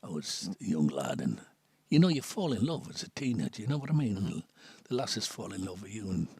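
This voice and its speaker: A man's voice: lowish voice, big pitch swings, fairly quick, mellow, breathy edge, dry recording. A man in his seventies with a North East English accent, a missionary priest telling stories in a chatty way, laughing often and dropping to a near whisper on serious points. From Sunderland, England. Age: 70s. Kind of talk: casual storytelling chat.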